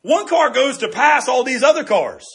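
A middle-aged man preaching a sermon as pastor, lively and conversational, often tossing in "right?" to the congregation. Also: very high-pitched, normal speed, gravelly, slightly rough.

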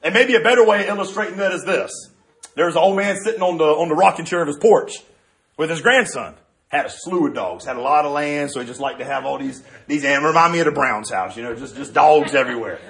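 Fast-talking preacher. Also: male voice, fairly high pitch, creaky. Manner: animated, joking, with many restarts. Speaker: pastor. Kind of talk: sermon.

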